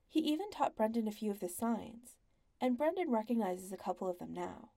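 A woman narrating a story in an even, measured audiobook style. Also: mid-range voice, creaky.

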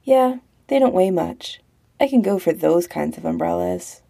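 A woman's voice: lowish voice, expressive, a little slow, gravelly, heavily acted. Woman voicing a drowsy, teasing young man. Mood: sleepy teasing. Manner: drowsy, playful, soft. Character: sleepy, teasing young man wanting warmth.

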